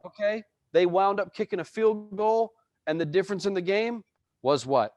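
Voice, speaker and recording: A man's voice: high-pitched, moderate pace, darkish tone, dry recording. A man co-hosting a podcast, giving emphatic, opinionated sports takes in casual chat. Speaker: podcast co-host.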